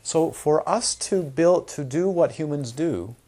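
A man teaching Dharma to an audience, his husky voice swinging widely in pitch. He asks his listeners rhetorical questions and keeps the talk lively and conversational. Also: a little slow. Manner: animated, asks rhetorical questions, acts out crying babies.

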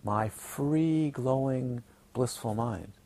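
Man, Buddhist teacher, dharma talk at a retreat, mid-pitched voice, playful, repeats words for emphasis. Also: slow pace. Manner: playful, animated, mimics students' self-talk. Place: retreat centre teaching hall.

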